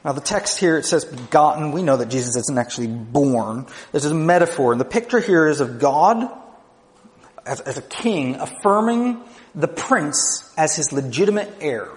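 A man's voice: on the high side, lively intonation, normal speed, big-room sound. A man preaching a sermon as pastor, emphatic and conversational, often checking in with the congregation. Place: church.

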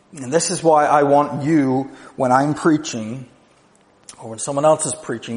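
Man, pastor, sermon, fairly high pitch, emphatic conversational delivery, long church-hall reverb. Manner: emphatic, conversational preaching with rhetorical checks.

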